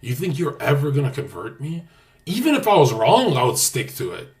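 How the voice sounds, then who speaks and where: A young man livestreaming, talking brashly and boastfully with lots of swearing, dropping to mutters and then bursting out loud. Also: mid-range voice, sing-song, a little fast. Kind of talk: casual stream talk.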